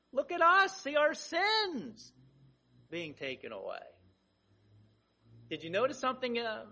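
A man's voice: extremely high pitch, a bit bright. A man preaching a sermon, emphatic, driving points home by repeating phrases.

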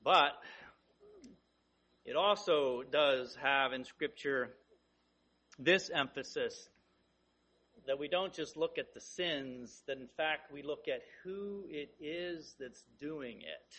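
A man's voice: on the high side, expressive, slow, long pauses, bright, forceful tone. A man preaching a sermon, emphatic, driving points home by repeating phrases.

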